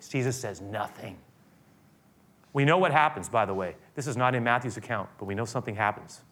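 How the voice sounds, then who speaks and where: A man preaching a sermon, retelling a scripture scene with animated, acted-out quotes. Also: mid-range voice, fairly quick. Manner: animated retelling, acts out quoted voices loudly. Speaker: pastor.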